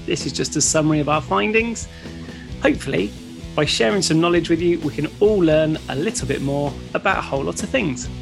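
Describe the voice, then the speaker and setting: A man's voice: fairly high pitch, brisk, vocal fry, music in the background. A man co-hosting a podcast in an upbeat, casual way, laughing often and agreeing readily. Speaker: podcast co-host. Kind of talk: casual chat.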